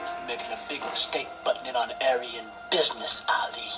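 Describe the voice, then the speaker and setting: A man's voice: mid-range voice, fairly even intonation, a little fast, close to an everyday voice. An actor playing a domineering, threatening male prison gang boss in a film scene. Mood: menacing. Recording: film audio heard from a distance with loud music and a roomy echo.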